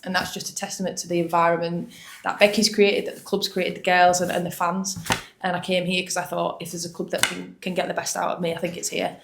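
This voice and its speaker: A woman with a Hull accent gives chatty, self-deprecating post-match answers as a footballer, often restarting her sentences. Her voice sits a little low and rings around an echoey press room. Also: flat delivery, quick pace, creaky, noisy background. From Hull, England.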